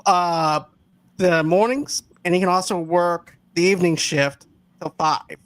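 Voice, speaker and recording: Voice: medium pitch, steady tone, a little slow. A co-host in a casual movie review chat, recounting scenes and quoting lines in a conversational way.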